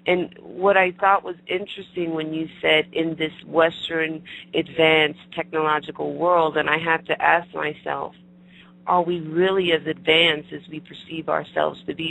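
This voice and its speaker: A man hosting an interview, speaking earnestly and reflectively, pausing with fillers as he thinks aloud. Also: fairly high pitch, gravelly, bright, forceful tone, low-quality recording. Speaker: host. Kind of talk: interview conversation.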